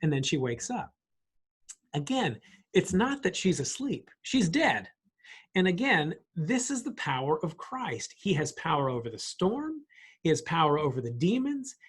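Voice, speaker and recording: Husky middle-aged man teaching a church class. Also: sits high, a bit bright. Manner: conversational, self-deprecating, with vivid voiced examples. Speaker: Bible study teacher.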